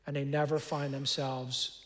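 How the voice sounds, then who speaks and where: A middle-aged man preaching a sermon as pastor, earnest, often restarting and repeating words, dropping soft and low on painful words. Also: flat delivery, unhurried. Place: large church auditorium. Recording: long hall reverb.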